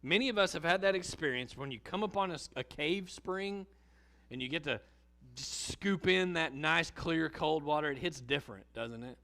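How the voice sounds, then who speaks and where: A middle-aged man preaching a sermon in a church, telling vivid stories and dropping his voice low and quiet to drive points home. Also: moderate pace, gravelly. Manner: storytelling, vivid and animated, drops low and quiet for emphasis. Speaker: pastor. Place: church sanctuary.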